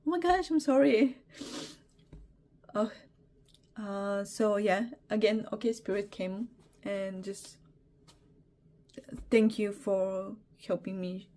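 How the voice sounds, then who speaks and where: A woman's voice: medium pitch, warm tone. A young adult woman giving a casual tarot reading, talking hesitantly with many fillers and apologies. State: emotional, teary. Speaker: tarot reader.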